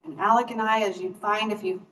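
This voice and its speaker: A woman leading the stretching and breathing part of an exercise class, gently and encouragingly talking people through each breath. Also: mid-range voice, fairly even intonation, a little fast, far from the mic, a little hiss or hum, poor audio. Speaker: exercise instructor.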